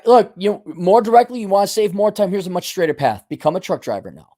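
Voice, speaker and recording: A man's voice: sits high, sing-song, normal speed, mellow, dry recording, studio quality. A man hosting his own show, ranting bluntly and scolding listeners, mocking their excuses in put-on voices. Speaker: host. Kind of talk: ranting monologue.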